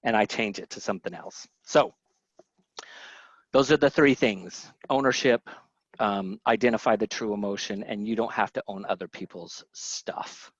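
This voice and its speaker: A man's voice: lowish voice, moderate pace, no echo. A middle-aged man with a Southern American accent, teaching a family health webinar in a casual, chatty way, often restarting sentences. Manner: chatty, self-interrupting storyteller who acts out quotes. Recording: dry, dull lo-fi webinar audio.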